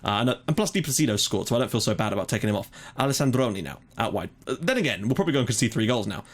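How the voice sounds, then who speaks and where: A man's voice: medium pitch, big pitch swings, racing. A young man casually commentating his own football management game, chatty, with frequent fillers and mock match calls. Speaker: gaming YouTuber. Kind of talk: casual let's-play commentary.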